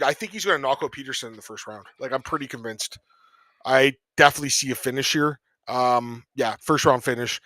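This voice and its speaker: On the high side and sharp in tone, this man's voice carries a podcast conversation about fight picks, loose sports betting chatter with plenty of laughs and banter. There's no room sound.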